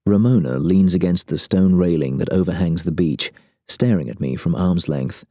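Reading a first-person audiobook at normal speed, this narrator has a very low voice that's mellow and dark, and his timing is wry and sardonic. The close, dry recording has no room sound.

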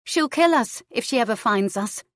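Woman doing a raspy, cryptic young twin. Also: fairly high pitch, expressive, normal speed, dry recording, studio quality, voice pushed up, close to an everyday voice. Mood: uneasy. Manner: quotes riddles in a lilting, portentous way.

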